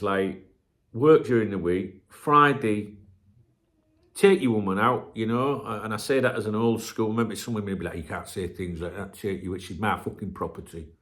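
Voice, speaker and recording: A man's voice: mid-range voice, a bit bright. A middle-aged man, talking to camera in a rambling, sweary, casual chat as a channel host.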